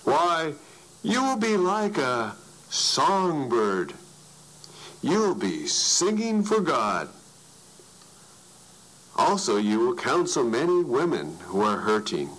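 A man voicing a friendly, big-bellied old prophet who makes slow, solemn pronouncements. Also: mid-range voice, very animated, fairly bright tone, voice pushed up, full character voice, poor audio. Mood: pronouncing.

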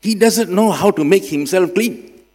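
A man from Singapore, preaching a sermon and swinging between loud emphasis and quiet drops. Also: high-pitched, a little slow. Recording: long hall reverb with mains hum.

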